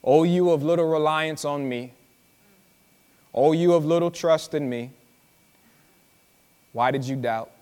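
The preacher here has a smooth voice, a little high and a little mellow. Talking directly and conversationally to his congregation, he repeats lines, lingers on words for dramatic emphasis and tells them to listen. The recording is a live sermon with reverb from the hall.

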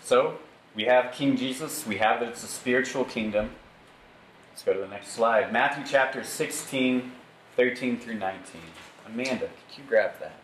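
A man's voice: medium pitch, moderate pace, a bit bright. A man leading a Bible study with slides, teaching conversationally and asking the group for amens. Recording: echoey room, faint background noise.

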